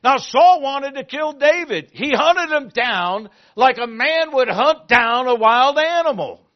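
A male pastor preaching a sermon, asking the congregation questions and moving between loud emphasis and quiet asides. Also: very high-pitched, expressive, a little slow, muffled recording.

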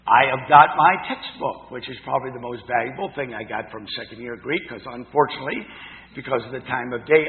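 A middle-aged man preaching a sermon, teaching in a lively way and asking his congregation questions. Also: medium pitch. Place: church hall. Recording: tinny, echoey hall recording.

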